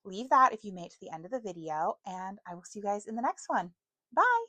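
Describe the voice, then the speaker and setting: A woman's voice: mid-range voice, animated, fast, pushed and bright, no echo. A woman in her twenties chatting casually to camera about books, self-mocking and stumbling over words now and then. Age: 20s. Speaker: book vlogger.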